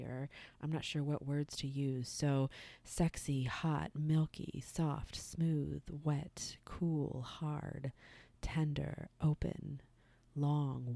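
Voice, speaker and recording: A woman hosting a podcast and giving a relaxed, unscripted sex-education talk, dropping some words to a whisper. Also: low-pitched, vocal fry. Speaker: podcast host.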